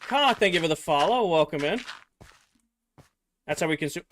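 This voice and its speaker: A man's voice: fairly high pitch, animated, moderate pace, fairly bright tone, slight background noise. A young man streaming a game, chatting casually with viewers, rambling with lots of filler words and losing his voice a little. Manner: rambling, filler-heavy, answering chat. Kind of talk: casual livestream chat with viewers.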